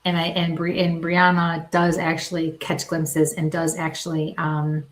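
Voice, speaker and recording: With frequent pauses and little laughs, a woman working as a medium haltingly delivers live psychic readings in a low-pitched, monotone voice.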